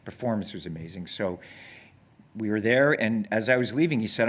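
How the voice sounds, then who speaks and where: A man guest on stage, telling long rambling anecdotes with many restarts and growing excited as he goes. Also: on the low side, brisk. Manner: grows excited and laughs when telling stories. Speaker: actor guest. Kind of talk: casual on-stage conversation. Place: on stage before an audience.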